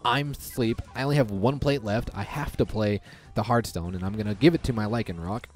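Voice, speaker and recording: A young man giving casual, excitable commentary over his own gameplay, reacting loudly to lucky and unlucky rolls. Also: lowish voice, brisk. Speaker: gaming commentator. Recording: faint background music.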